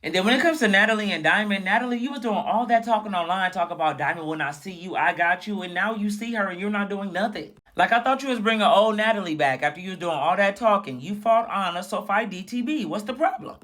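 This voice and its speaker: A young man with a high-pitched voice recaps a reality show in casual, sassy commentary. His delivery is animated and mocking as he talks straight to his viewers. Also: quick pace, hardly any pauses.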